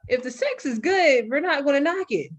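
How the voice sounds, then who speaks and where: A young woman hosts a podcast with a slightly high voice. She talks frankly and swears freely. She tells her stories with a lot of animation. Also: normal speed. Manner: frank and profane, animated storytelling. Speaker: podcast host. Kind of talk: candid podcast conversation.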